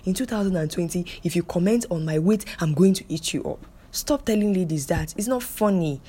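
Woman, young adult, podcast host, emphatic, repetitive, husky. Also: fairly low pitch, brisk, few pauses, mellow. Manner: emphatic, scolding, repeats phrases for stress. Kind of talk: solo podcast monologue.

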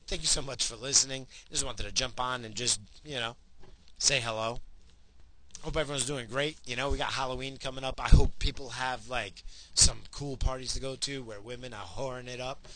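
In his forties, this man hosts his own podcast and drifts through a profane, rambling rant. He speaks in a mid-range, steady voice at a moderate pace, pushed and bright, over poor audio with a bit of hiss or hum.

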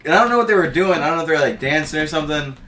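A man's voice: fairly high pitch, animated, racing, pushed and bright, recorded from a distance. Man telling stories, profane and loose. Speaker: podcast co-host. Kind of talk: casual chat.

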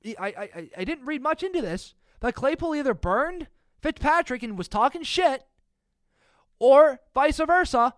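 A man with a strikingly high voice hosts a solo sports podcast. He rants in an exasperated, heated way and breaks into loud outbursts. The sound is dry and close, with no room echo. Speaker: podcast host.

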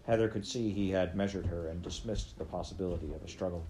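A man reads a children's adventure novel aloud, his voice low and mellow. He narrates in a steady, plain way. A faint hiss of noise sits behind him. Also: quick pace. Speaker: reader.

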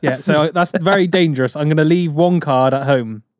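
A man's voice: on the high side, brisk, a little mellow, no room sound. A man co-hosting a podcast in casual chat, laid-back and dry with the odd chuckle. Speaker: podcast co-host.

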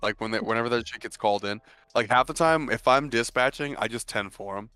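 A young man swaps work stories in a loose, profane chat, laughing often as he tells them. His voice sits at a middling pitch, and faint music plays behind him. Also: quick pace, clear, resonant tone, no echo. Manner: profane, laughing, animated storytelling. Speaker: casino security dispatcher. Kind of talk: casual podcast chat.

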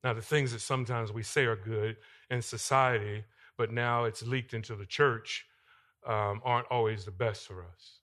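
Impassioned male preacher with a bright voice. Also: medium pitch, steady tone, moderate pace. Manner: impassioned, swings between loud emphasis and quiet asides. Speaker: pastor. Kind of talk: sermon. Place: church sanctuary.

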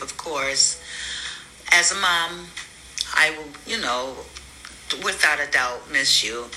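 A woman speaking as a mother, giving a slow, earnest farewell message while holding back tears. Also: on the low side, sharp tone, slight background noise, low-quality recording. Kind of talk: heartfelt recorded message.

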